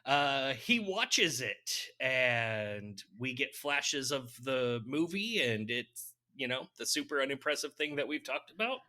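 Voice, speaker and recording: A podcast co-host casually recaps a film's plot, dropping wry, laughing asides along the way. His voice is medium in pitch, sing-song and sharp, with a measured pace.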